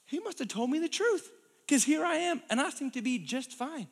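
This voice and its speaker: A man voicing Eve as a naive, excited young woman who chatters and sweet-talks. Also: very high voice, normal speed, creaky, pitched above the performer's own voice, full character voice. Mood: smug. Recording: long hall reverb.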